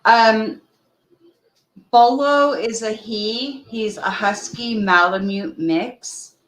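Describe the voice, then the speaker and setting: A woman's voice: a little high, very slow, echoey room, poor audio. A woman chatting casually on a livestream at home, talking through earbuds, laughing and scolding a playful puppy. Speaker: livestream co-host.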